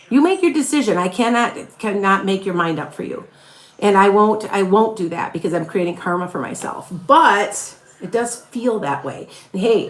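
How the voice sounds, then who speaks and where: In an echoey room, a middle-aged woman with a medium-pitched voice does live psychic readings for viewers, answering their questions in casual stream chat. She hails from northern Illinois near Chicago, carries a slight Wisconsin accent, and is chatty and rambling, with many restarts and laughs.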